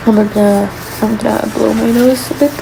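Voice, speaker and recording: French Canadian woman, congested, halting, gravelly fry, noisy bathroom recording. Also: on the high side, steady tone. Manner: halting, trailing off. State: congested, coughing and sneezing. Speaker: vlogger. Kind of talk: casual chat to viewers.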